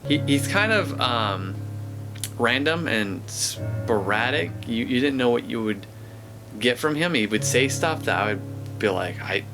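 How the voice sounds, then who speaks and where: A man's voice: mid-range voice, expressive, a little slow, music in the background. A man, a filmmaker interviewee, telling a casual anecdote in a rambling way full of fillers. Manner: rambling, filler-heavy storytelling.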